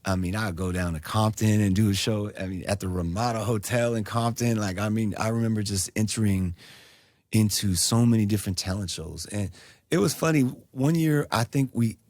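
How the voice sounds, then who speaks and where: A middle-aged man from the Los Angeles area, a singer and producer guesting on a radio show, telling stories in a relaxed, conversational way. He talks into a studio microphone. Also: lowish voice, moderate pace, no echo. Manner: relaxed, conversational, acts out quotes in lively voices. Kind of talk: casual interview storytelling.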